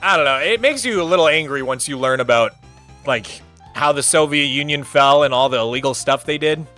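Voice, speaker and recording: A man in his thirties chatting casually on a live game stream, rambling in an animated way with lots of filler words. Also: fairly high pitch, a little fast, soft background music. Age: 30s.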